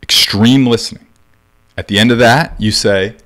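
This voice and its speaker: Addressing the camera directly, a man gives baseball dads blunt, emphatic parenting advice, repeating his main points. His voice is on the low side and a bit bright, at a moderate pace.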